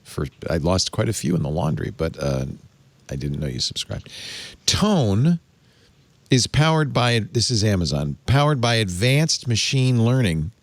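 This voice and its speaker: A man's voice: on the low side, sing-song, a little slow, dry recording. A man hosting a tech talk show, reading press text aloud and mocking it with wry asides. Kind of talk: casual panel chat.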